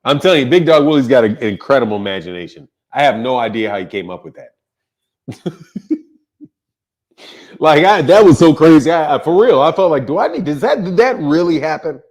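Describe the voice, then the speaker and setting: A man's voice: a little high, sing-song, normal speed, a little mellow. A man hosting a live boxing stream, chatting casually, laughing often and greeting viewers by name. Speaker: boxing channel host.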